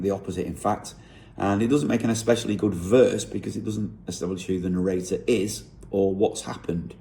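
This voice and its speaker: A man with a low, gravelly voice talks through the lyrics he wrote. His tone is dark and mellow, and he thinks aloud, often pausing to correct himself as he breaks down rhyme and rhythm. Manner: thinking aloud, unhurried, with frequent self-corrections. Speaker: songwriter. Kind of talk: explaining how he wrote a song lyric.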